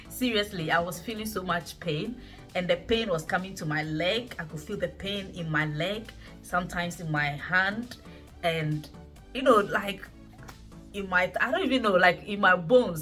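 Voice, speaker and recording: A woman's voice: fairly low pitch, fairly bright tone. A woman in her thirties, chatting and laughing as she retells her birth story to her viewers. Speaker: vlogger recounting her birth. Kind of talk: casual storytelling to camera.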